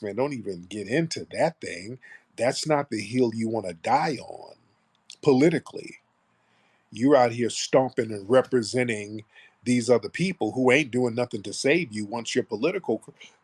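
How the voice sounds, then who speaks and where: A man's voice: mid-range voice, moderate pace, a little mellow, breathy edge. A man hosting a live political commentary show, blunt and mocking, with rambling asides. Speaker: radio show host.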